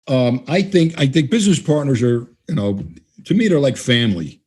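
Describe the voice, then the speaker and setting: A man's voice: medium pitch, very animated, moderate pace, darkish tone. A man guesting on an interview, talking bluntly and emphatically and acting out bits of dialogue. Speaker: guest trainer. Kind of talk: casual interview talk.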